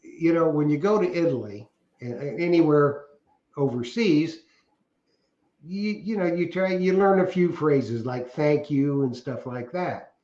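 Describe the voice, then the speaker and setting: A man's voice: fairly high pitch, unhurried, darkish tone. Joking middle-aged man, roomy lo-fi audio. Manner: joking, rambling, laughs at his own stories. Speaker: livestream co-host reading viewer comments. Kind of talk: casual chat. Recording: roomy, dull lo-fi stream audio.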